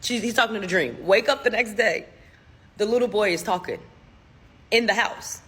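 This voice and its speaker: A husky, slightly breathy voice tells a spooky story as casual storytime. The talk rambles, is full of "like" fillers and keeps slipping into voices for the people in it. The pitch sits in an ordinary middle range. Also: moderate pace, sharp tone. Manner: slips into voices for the people quoted.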